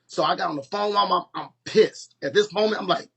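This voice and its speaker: Man, husky and fairly high voice, live-stream storyteller, heated and profane. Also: a little fast, few pauses, a bit bright. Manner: heated, profane, emphatic retelling.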